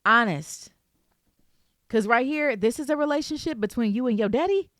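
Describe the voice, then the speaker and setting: Lively woman giving casual faith talk. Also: fairly high pitch, normal speed, no room sound, clean studio sound. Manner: lively, playful, speaks straight to the viewer with "girl" and "baby". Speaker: Christian faith vlogger.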